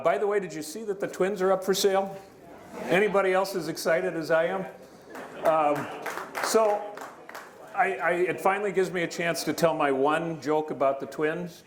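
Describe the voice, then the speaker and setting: A middle-aged man giving a county address to a live audience in a large hall, in a folksy, joking, conversational way. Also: fairly high pitch. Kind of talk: public speech with jokes. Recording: echoey hall with faint room noise.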